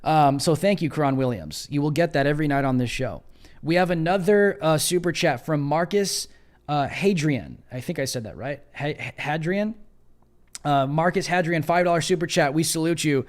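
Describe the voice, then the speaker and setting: A man's voice: fairly high pitch, brisk. Fervent young man hosting a livestream. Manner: fervent and emphatic, calls viewers "man" and "brother". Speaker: livestream host. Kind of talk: casual live-stream talk, reading viewer donations.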